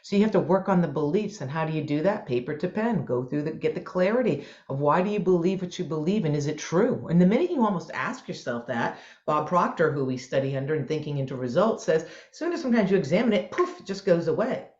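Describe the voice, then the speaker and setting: A woman co-hosting a podcast as a mindset coach, telling stories in an enthusiastic, motivational way. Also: low voice. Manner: enthusiastic, motivational, animated storytelling. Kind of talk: casual podcast chat. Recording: roomy, dull lo-fi sound.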